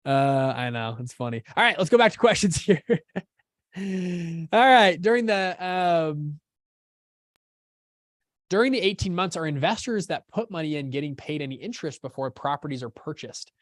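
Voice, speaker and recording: A man's voice: on the high side, lively intonation, normal speed, no room sound, studio quality. A man hosting a live teaching session, casual and upbeat, often checking that listeners follow along. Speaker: course host.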